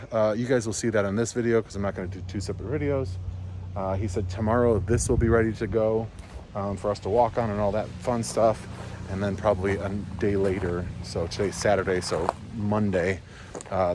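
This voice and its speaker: A man with a fairly low voice talks casually to his camera outdoors, wandering from point to point in a rambling, easygoing way. The sound is plain action-camera audio with a faint hum of noise behind him. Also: darkish tone. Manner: rambling, easygoing, explaining as he goes. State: out of breath. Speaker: homesteading vlogger. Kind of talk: casual vlog walkthrough. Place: outdoors at a barn and driveway.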